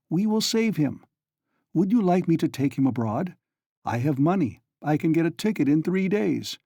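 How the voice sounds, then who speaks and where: An obsessive older nobleman, read by a male narrator, presses his case in urgent, pleading tones. The voice is warm and dark, recorded dry and close. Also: a little high, creaky, husky, dry recording, voice pushed up, heavily acted. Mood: coaxing. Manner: urgent, pleading, sometimes hushed.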